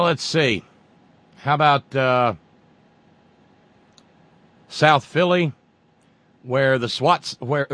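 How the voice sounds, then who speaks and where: A man's voice: medium pitch, dry recording. Southern American man, political commentator, profane and sarcastic monologue, dry recording. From Southern United States. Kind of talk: monologue rant.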